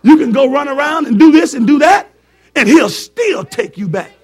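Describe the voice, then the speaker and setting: High-voiced man preaching a fervent sermon. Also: lively intonation, normal speed. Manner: fervent, repeats words, jokes with the congregation.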